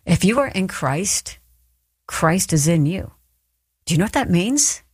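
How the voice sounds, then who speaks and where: A woman's voice: fairly low pitch, sing-song, a little slow, husky, dry recording, clean studio sound. A woman telling a personal story and then giving an earnest, encouraging devotional talk. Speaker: Christian speaker. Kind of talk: devotional teaching.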